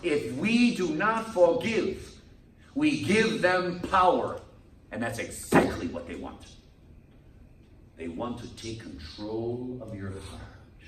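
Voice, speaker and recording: A man, a priest, preaching a sermon to a men's group in a lively manner. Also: medium pitch, takes it slowly, echoey room, distant mic, slight background noise, low-quality recording. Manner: lively preaching, acts out quoted people. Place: meeting room.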